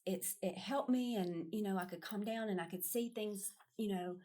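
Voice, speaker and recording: A middle-aged woman speaks as a podcast guest, telling her own story earnestly. She talks in a casual, unhurried way with many restarts and small fillers. Her voice sits at an ordinary middle pitch. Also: dark tone. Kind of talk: casual conversation.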